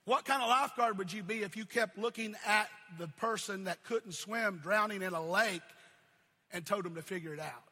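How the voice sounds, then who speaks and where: A male pastor with a high, piercing, bright voice delivers a sermon in repeating cadences. He swells to shouts and falls back to near-murmurs. His voice rings out with a long hall reverb. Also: normal speed, husky. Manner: preaching in repeated cadences, swelling to shouts then dropping low.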